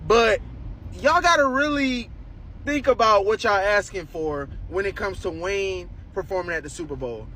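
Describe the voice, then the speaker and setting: A man's voice: high-pitched, moderate pace, sharp tone, slight background noise, low-quality recording. A man in a casual opinion video, making his point in an emphatic, lecturing way.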